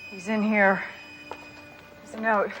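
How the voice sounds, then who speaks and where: An actress playing a sharp, level-headed female police detective who talks in a reasoned, insistent way. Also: mid-range voice, level tone, slow pace, loud music behind the voice, close to an everyday voice, poor audio.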